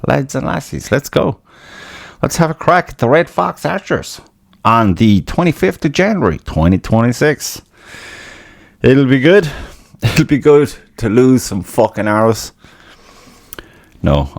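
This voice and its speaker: A man's voice: mid-range voice, gravelly, no echo, studio quality. An Irish man hosting a podcast in a casual, rambling monologue, swearing a lot and laughing at himself. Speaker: podcast host.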